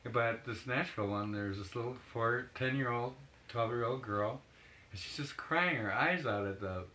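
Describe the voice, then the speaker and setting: A man's voice: mid-range voice, moderate pace, sharp tone, slight background noise, poor audio. A man being interviewed as a photographer, telling long rambling anecdotes with laughs and acted-out quotes. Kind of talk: casual storytelling in an interview.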